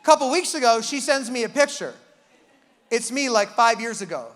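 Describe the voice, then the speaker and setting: A man with a very high, bright, sharp-edged voice preaches to his church, animated and quick to joke as he acts out the voices in people's heads. His words ring out with a long hall reverb. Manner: animated and joking, acting out inner voices. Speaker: pastor. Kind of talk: sermon.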